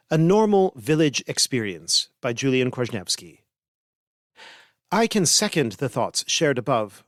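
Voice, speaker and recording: A man's voice: medium pitch, no echo. Man reading essays, dry close sound. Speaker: podcast host.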